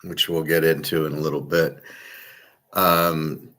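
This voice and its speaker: A man's voice: rumbling low, flat delivery, measured pace, fairly bright tone. A man hosting his own commentary show, ranting in an indignant, profane monologue. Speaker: host of a betting and gold commentary show. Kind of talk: opinion monologue.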